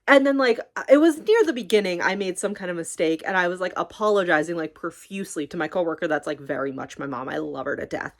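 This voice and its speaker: A young woman talking casually in a rambling, animated way, swearing often and acting out conversations. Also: fairly low pitch, fast talker, hardly any pauses. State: tearful. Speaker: streamer talking about her library job. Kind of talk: casual chat.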